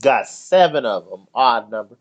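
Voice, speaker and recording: A young man telling stories during a casual live stream with loud slangy banter, drinking while he talks at home. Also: medium pitch, lively intonation, normal speed. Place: home, near the grill.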